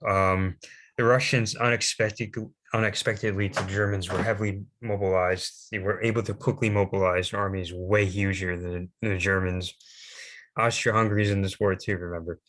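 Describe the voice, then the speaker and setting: A young man presenting history slides off the cuff, halting often with fillers and restarts. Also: deep voice, flat delivery, fairly bright tone.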